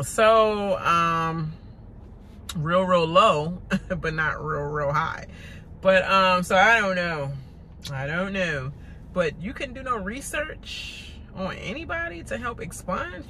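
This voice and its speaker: A woman hosting a casual TV recap rant, animated and mocking, with lots of laughter and stammered fillers. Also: on the low side, a little hiss or hum. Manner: stammering filler-heavy delivery. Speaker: reality TV recap host.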